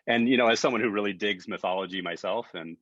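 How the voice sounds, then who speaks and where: A man's voice: on the low side, fast, fairly bright tone, no room sound, dull audio. A middle-aged man hosting an online gathering, talking casually with many restarts and fillers. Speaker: event host. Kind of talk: casual hosting on a video call.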